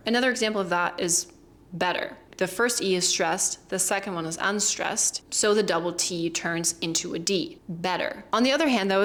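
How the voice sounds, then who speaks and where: A German-born woman with a fluent American accent walks through pronunciation as an accent coach. Her voice sits a little low and she stretches and plays with words to demonstrate. She talks in a lively, expressive teaching manner. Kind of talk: explainer video lesson.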